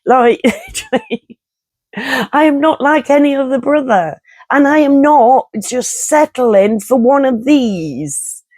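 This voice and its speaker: A woman in her 50s rants bluntly to her viewers, swearing and laughing as she chats to camera. Her voice sits high and sounds expressive, slow and darkish, with no echo.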